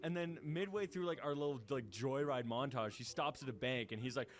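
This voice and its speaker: A man's voice: medium pitch, a little fast, natural voice. A man voicing a young cartoon guy who tells absurd dreams, acting out voices with laughs. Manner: animated storytelling, acts out voices with laughs. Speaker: animated character.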